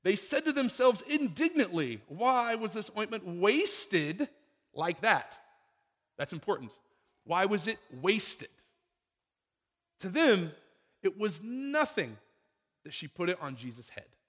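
Speaking slightly higher than most men and with lots of rise and fall, this pastor gives a talky, easygoing sermon. He pauses to put rhetorical questions to his congregation, and each phrase lingers in the hall's long reverb.

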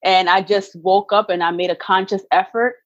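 A woman's voice: mid-range voice, fairly even intonation, moderate pace, no echo, highs cut off. A middle-aged woman, a guest on an interview show, telling her story earnestly and with emphasis. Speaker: guest, author and actress. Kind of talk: candid interview talk.

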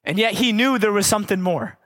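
Preaching in a high voice, this man presses every point with rhetorical questions asked again and again, dropping in relaxed, chatty asides along the way. His delivery is fairly quick with a slightly bright tone.

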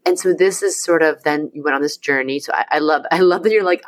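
A woman's voice: low voice, fairly quick, hardly any pauses, no room sound. A woman hosting a podcast interview, effusive and gushing, rambling through her thoughts with many fillers. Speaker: podcast host. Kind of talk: casual interview chat.

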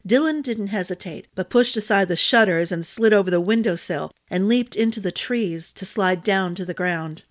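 A woman storyteller giving a measured, expressive audiobook narration. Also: mid-range voice.

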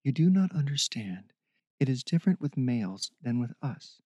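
A man voicing a stern, mysterious older woman who speaks gently but with authority. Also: mid-range voice, sing-song, breathy edge, no echo, clean studio sound. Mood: calm commanding. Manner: gentle, measured, commanding.

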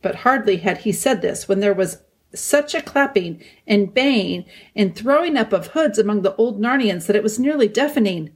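A woman narrating a children's novel in a calm, measured audiobook reading. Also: mid-range voice. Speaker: audiobook reader.

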